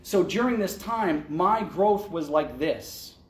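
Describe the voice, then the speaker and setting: Male event speaker, fairly high voice, casual candid storytelling, roomy echo. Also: lively intonation, takes it slowly. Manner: candid, conversational, with slips and restarts. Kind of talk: storytelling talk to an audience. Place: event venue, indoors. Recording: echoey event room.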